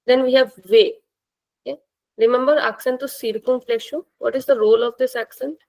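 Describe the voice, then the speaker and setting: A woman teaching a language class, speaking slowly and patiently and repeating words for her students. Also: on the high side, fairly even intonation, creaky, a little mellow, rough recording.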